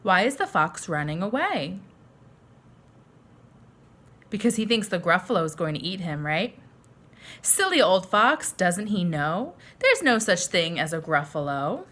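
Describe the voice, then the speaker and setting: Bright, lively woman reading to children. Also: fairly low pitch, normal speed. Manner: friendly questions to young listeners. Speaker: teacher. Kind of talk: children's story read-aloud lesson.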